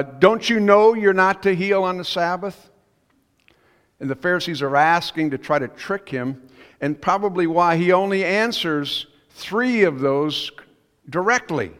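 Guy giving a sermon, kinda high voice, chatty storytelling, long echo off the church walls. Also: fairly bright tone. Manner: conversational storytelling, musing asides. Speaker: pastor. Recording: long reverb of a church hall.

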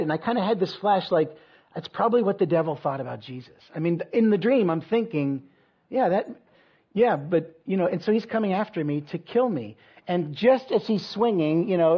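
A man's voice: high-pitched, breathy edge, lo-fi sound. A man preaching a sermon, telling a dream story in a casual, self-deprecating way with many fillers. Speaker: pastor.

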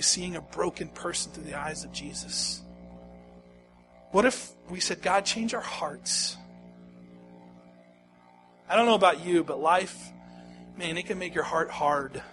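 A man preaching a sermon, moving from hushed, slow lines to loud, pleading ones and repeating phrases for emphasis. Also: fairly high pitch, music in the background, rough recording. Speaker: pastor.

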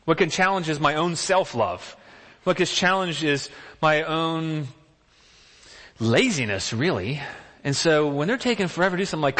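A man's voice: fairly high pitch, expressive, moderate pace, a bit bright. Conversational man preaching in a reverberant hall. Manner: conversational, many rhetorical questions. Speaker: pastor. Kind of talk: sermon.

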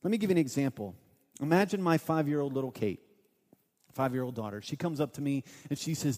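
A man in his thirties preaching a sermon as a pastor, earnest and quick to act out the voices of people in his stories. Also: medium pitch, darkish tone. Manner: earnest, acts out quoted voices in his storytelling. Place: church sanctuary. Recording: long hall reverb.

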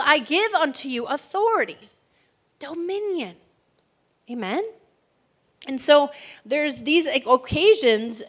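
Woman preacher, bright higher voice, emphatic sermon delivery. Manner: emphatic, preacherly, asks for agreement.

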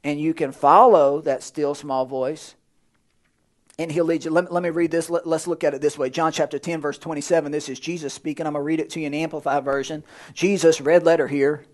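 Male pastor, high voice, animated sermon delivery with sudden drops to a near hush. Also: brisk. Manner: animated preaching, swings from loud to hushed. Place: church.

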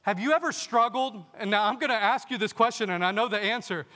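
A man preaching a sermon, his high, bright voice ringing through a church sanctuary with a long reverb. He keeps putting rhetorical questions to his congregation. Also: quick pace. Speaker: pastor. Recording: long reverb of a large hall.

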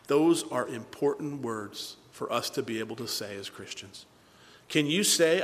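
A man's voice: fairly high pitch, a little fast. Fervent preacher man in reverberant hall. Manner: animated preaching, swinging between loud bursts and hushed asides. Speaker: pastor. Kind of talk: sermon.

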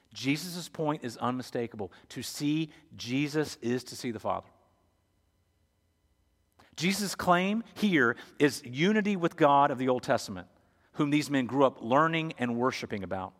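A man preaching a storytelling sermon, moving from loud to hushed, in a church. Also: mid-range voice, expressive, normal speed. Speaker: pastor. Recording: echoey hall.

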